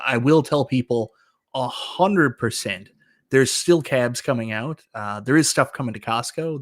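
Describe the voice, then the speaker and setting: A man with a Newfoundland accent co-hosts a casual stream chat. His voice sits at a middling pitch and stays steady as he lays things out calmly. The sound is dry and close. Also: no echo. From Newfoundland, Canada. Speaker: podcast co-host.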